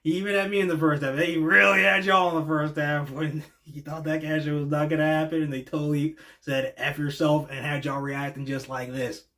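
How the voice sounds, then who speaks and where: Excitable man, slightly high voice. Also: brisk, hardly any pauses. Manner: excitable and slangy, swings between hushed and loud. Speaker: wrestling reaction show host. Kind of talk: casual reaction commentary.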